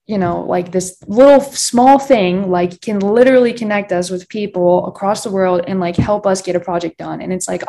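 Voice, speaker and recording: Gravelly young woman telling a story. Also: fairly low pitch, dark tone. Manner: heavy use of "like", quoting others in storytelling. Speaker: podcast guest. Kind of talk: casual chat.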